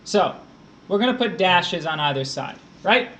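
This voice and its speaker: A high-pitched male voice teaching a live-streamed grammar lesson. He walks through punctuation rules one step at a time and breaks off to answer viewers in chat. A faint hiss sits under his voice. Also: lively intonation, measured pace, bright, forceful tone. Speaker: test prep tutor.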